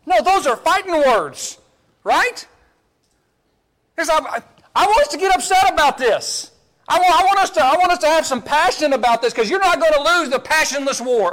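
A male pastor preaching with a notably high voice. His delivery is emphatic and full of stammered repeats, rising to loud urgency and dropping to quiet, close asides. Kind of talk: sermon.

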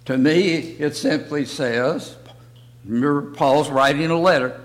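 An older man teaching a church Bible lesson in slow, halting short phrases. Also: on the high side. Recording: long reverb of a hall.

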